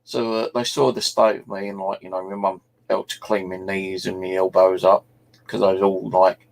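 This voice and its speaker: Man, middle-aged, gravelly, rambling sweary storytelling. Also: low voice, completely flat delivery, moderate pace. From South East England. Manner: rambling anecdotes, peppered with swearing. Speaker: channel host. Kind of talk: casual chat.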